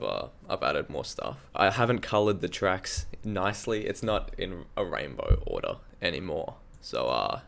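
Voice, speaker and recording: In a lowish, creaky voice, an Australian amateur producer gives a relaxed screen-recorded tour of his own song project from his home studio, cursing freely and making fun of himself.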